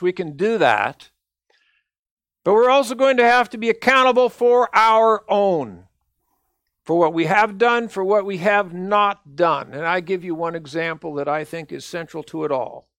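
An older man, a minister, delivering a sermon in an earnest, measured and emphatic way. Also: high-pitched, a bit bright, no echo, studio quality.

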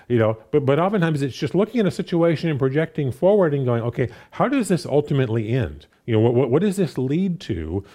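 A man preaching a sermon, talking through a scripture passage with lots of fillers and restarts. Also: mid-range voice. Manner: animated, many fillers and restarts. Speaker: pastor.

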